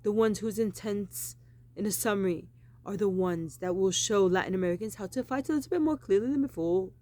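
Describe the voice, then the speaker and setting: A woman's voice: mid-range voice, brisk, mellow. A woman giving a rambling, insistent monologue, repeating the same phrases emphatically. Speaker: vlogger.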